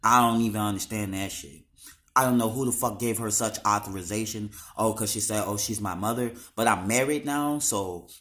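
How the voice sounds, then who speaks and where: A man's voice: fairly low pitch, moderate pace, fairly bright tone. A young man talking straight to the camera in a raw, emotional monologue, slangy and full of swearing.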